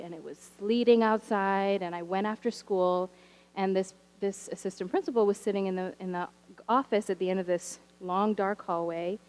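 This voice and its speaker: A woman teacher telling stories from her classroom in a church sermon, animated and wry, with humorous asides. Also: fairly low pitch, clear, resonant tone, rough recording. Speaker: teacher sharing a story from the pulpit. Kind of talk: storytelling sermon. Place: church sanctuary.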